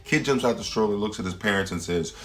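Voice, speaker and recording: Talking at a quick pace in a fairly low pitch, a male standup comedian hosting his own show rambles through a playful, slang-filled monologue. His volume jumps loudly without warning.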